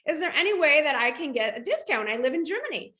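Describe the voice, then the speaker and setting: High, bright American woman guest, lively storyteller, echoey room. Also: fast talker. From United States. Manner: animated, acts out quoted dialogue. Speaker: guest entrepreneur. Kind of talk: casual storytelling.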